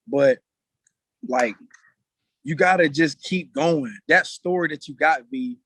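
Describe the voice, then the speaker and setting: A man's voice: a little high, takes it slowly, long pauses, fairly bright tone, no echo. A man speaking casually on a video call, earnest and slangy, holding back emotion. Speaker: meeting guest speaker.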